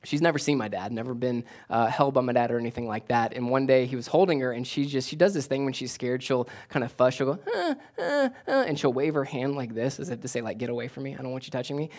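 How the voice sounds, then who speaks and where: A man's voice: fast, hardly any pauses. Pastor repeating his points in a sermon. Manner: repeats key phrases for emphasis, with filler restarts; grows louder and higher when pressing a point.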